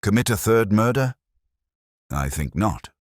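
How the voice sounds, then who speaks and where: A man voicing a shrewd, cool-headed detective who speaks with precise, commanding calm. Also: lowish voice, a little slow, no room sound, clean studio sound, voice pushed up.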